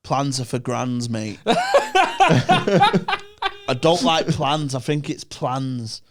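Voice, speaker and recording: A man's voice: mid-range voice, slow, soft background music. A young man with a Northern English accent, a podcast guest ranting and telling stories in casual, sweary chat.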